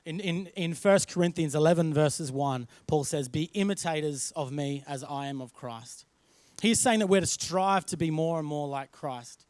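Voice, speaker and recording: Australian pastor preaching in a chatty way. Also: male voice, fairly high pitch, normal speed, a little mellow, no echo. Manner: conversational, repeats words and restarts, tells family stories. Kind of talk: sermon. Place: church.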